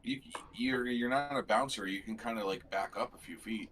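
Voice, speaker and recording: A man's voice: lowish voice, moderate pace, background noise. A man playing a tabletop game, laid-back and sarcastic. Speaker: player. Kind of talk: casual tabletop play. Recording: distant from the mic.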